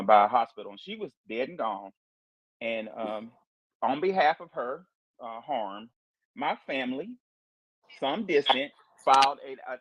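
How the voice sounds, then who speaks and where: A man's voice: medium pitch, no room sound, muffled recording. A man from Alabama, arguing his point in an online debate and stumbling over fillers and repeated words. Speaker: debate participant. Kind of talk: online audio-room debate.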